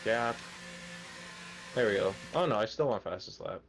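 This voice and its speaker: A man's voice: lowish voice, moderate pace, background noise. Canadian man calling a sim race. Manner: relaxed, conversational, thinking aloud. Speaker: lead commentator. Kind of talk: live sim racing commentary.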